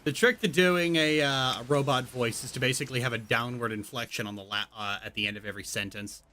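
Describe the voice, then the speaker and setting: Man streamer, playful, bright tone, gated desk mic. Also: mid-range voice, steady tone, fast talker. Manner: joking, explains with frequent restarts. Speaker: streamer playing a video game. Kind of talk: casual gaming chat. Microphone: headset or desk mic with noise gate.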